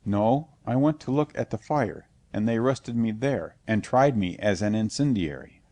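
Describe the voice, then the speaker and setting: A man voicing a shaken young nobleman held prisoner, speaking plainly and quietly. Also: on the low side, animated, normal speed.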